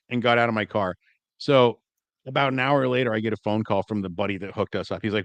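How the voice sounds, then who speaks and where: A man in his forties, a podcast co-host, telling stories casually and acting out quoted lines loudly. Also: on the low side, steady tone, quick pace, dry recording. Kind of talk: casual storytelling chat.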